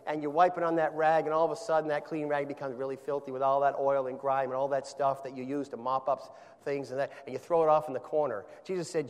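A man preaching a sermon, emphatic, often rising to forceful peaks, with quiet stretches in between. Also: mid-range voice, little pitch movement, fast talker, hardly any pauses, long reverb tail. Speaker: pastor.

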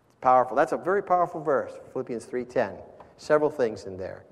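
A man preaching a sermon and reading scripture aloud, then closing in prayer, moving between loud emphasis and quiet, soft passages. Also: fairly low pitch, fast. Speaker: pastor. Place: church sanctuary. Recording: long reverb of a church hall.

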